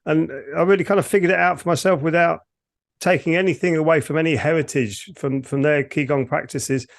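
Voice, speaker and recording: Gravelly-voiced man explaining Ki Gong. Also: a little high, steady tone, fairly quick. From United Kingdom. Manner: rambling, self-correcting explanations. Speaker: Ki Gong teacher and co-host. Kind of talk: casual podcast explanation.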